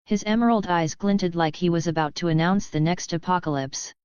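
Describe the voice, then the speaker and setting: A woman narrating a web novel audiobook in a steady, even storytelling manner, recorded dry and slightly dull. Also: lowish voice, brisk, clear, resonant tone, no room sound. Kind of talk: scripted narration.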